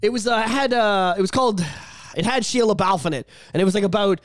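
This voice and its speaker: A man co-hosting a casual podcast, talking fast and loose with plenty of swearing and sudden shouted outbursts. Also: high voice, dry recording, clean studio sound. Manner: animated, swearing, jumps into loud shouted outbursts; acts out voices in quoted asides. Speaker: podcast co-host.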